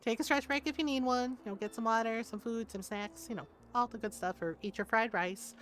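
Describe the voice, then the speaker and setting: A woman's voice: a little high, a little fast. Chatty, swearing woman game streamer. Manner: animated storyteller, swears freely, laughs often. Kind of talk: casual chat while streaming a game.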